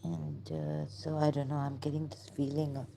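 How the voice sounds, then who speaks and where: A woman talking to herself in a halting, searching monologue, pausing and restarting often and turning emotional at times. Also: deep voice, flat delivery, creaky, warm tone, slight background noise, rough recording. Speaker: vlogger. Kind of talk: hesitant reflective monologue.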